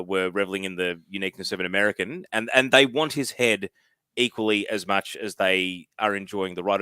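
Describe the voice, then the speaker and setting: A man's voice: fairly low pitch, sharp tone, clear, resonant tone, no room sound. A man, co-hosting a podcast and asking probing, wry questions. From Australia. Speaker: podcast co-host. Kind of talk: casual chat.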